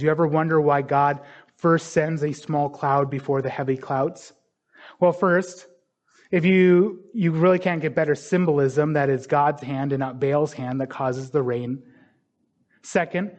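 Male pastor, fairly high voice, relaxed conversational sermon, dull lo-fi recording. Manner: conversational preaching, acting out voices in stories. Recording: dull lo-fi sound.

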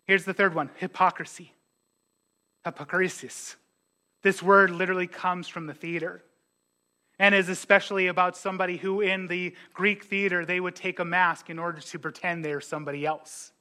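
Bright, animated man preaching a sermon. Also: high voice, moderate pace. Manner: animated, joking asides, mimics congregants. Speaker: pastor.

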